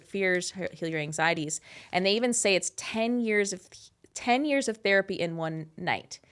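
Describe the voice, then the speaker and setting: A woman in her thirties telling a personal story in a casual, animated, candid way, with frequent swearing. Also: on the low side, clear, resonant tone. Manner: animated, candid and profane, with many "like" fillers. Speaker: host.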